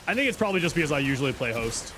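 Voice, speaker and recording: A man with a fairly high, sing-song voice talks very fast while streaming a video game, with background noise behind him. He reads viewers' questions aloud and answers them offhandedly in an easygoing, joking, chatty way.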